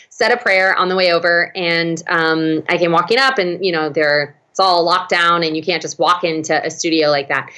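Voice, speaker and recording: Young woman, from Texas, talk-show guest, casual storytelling, slightly low voice, animated quoting. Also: normal speed, hardly any pauses. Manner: animated, acts out quoted voices with big pitch jumps.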